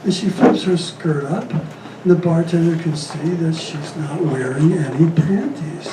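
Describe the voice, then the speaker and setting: A man doing stand-up comedy, rattling off deadpan jokes and chuckling at his own punchlines on a comedy club stage. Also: a little high, unhurried. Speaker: stand-up comic. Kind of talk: stand-up joke telling. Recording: echoey club, distant mic, faint room noise.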